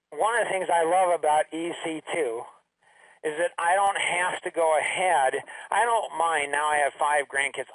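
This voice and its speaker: A man's voice: on the high side, fairly bright tone, dry recording, far from the mic, rough recording. A middle-aged man hosting a radio talk show, telling a story casually and acting out the family dialogue he quotes.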